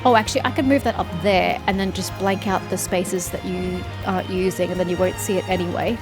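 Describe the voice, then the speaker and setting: A woman with a fairly low, fairly even-toned voice speaks a little fast while playing a game despite a sore throat. Her let's-play commentary is sarcastic and chatty, teasing the characters, with faint game music behind her.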